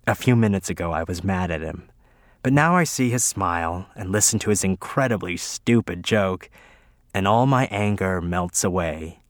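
A man reading a first-person story aloud in a measured, low-key way. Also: animated, no echo, clean studio sound. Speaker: audiobook narrator. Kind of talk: scripted first-person narration.

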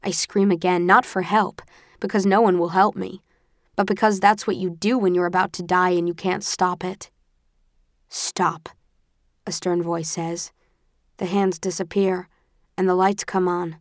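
A woman narrating a first-person audiobook with a tense, expressive storytelling manner. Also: lowish voice, normal speed, dry recording, studio quality.

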